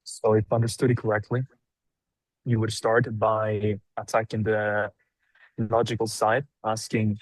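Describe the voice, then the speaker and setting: A man's voice: lowish voice, flat delivery, unhurried, no echo, poor audio. A man taking part in a coaching session who hesitantly sums up what he understood. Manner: hesitant, checking his understanding. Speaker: coaching participant.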